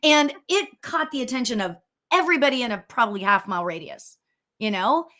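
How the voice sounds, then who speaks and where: A woman speaks in a loud, booming voice and races through her words. Her tone is bright and forceful, sitting a little high. She chats casually as host of a spiritual talk show. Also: expressive. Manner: loud, fast, storytelling with laughs. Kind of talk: casual chat.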